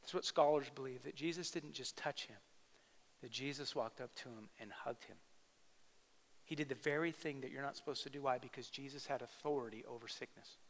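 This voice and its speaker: A male pastor preaching a sermon, swinging between loud emphatic bursts and quiet intimate asides. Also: mid-range voice, fairly quick. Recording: long hall reverb.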